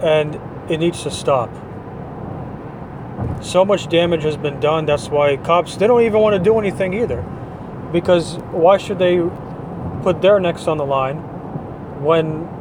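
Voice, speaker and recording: A man hosts a podcast and rants through his opinions in a blunt, dismissive way. His voice sits a little high for a man. A faint city hum runs underneath. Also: fairly even intonation, takes it slowly, pauses often. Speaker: podcast host. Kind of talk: opinion monologue.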